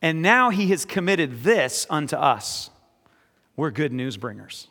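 Quiet, earnest scripture reading gives way to emphatic exhortation as a male pastor preaches in a somewhat high, very animated voice at a slightly slow pace. The sermon echoes with a long reverb through a large hall.

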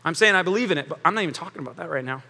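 A man preaching a sermon as pastor, animated and joking, often acting out quotes. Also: on the high side, very fast, creaky. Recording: long hall reverb.

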